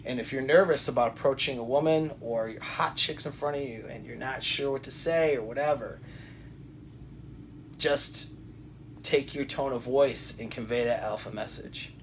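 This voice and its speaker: A man talking straight to the camera with coaching advice, deliberate and repetitive, often restarting his sentences. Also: mid-range voice, slight background noise. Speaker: self-help coach. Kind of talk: direct-to-camera advice talk.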